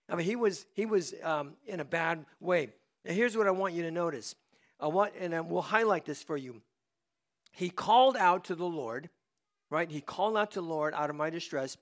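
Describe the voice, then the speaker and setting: An older pastor preaching a dramatic sermon, dropping to near-quiet confessions and then rising to loud, urgent emphasis. His voice is high for a man, bright and sharp-edged. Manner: dramatic, swings from hushed confession to loud shouting. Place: church.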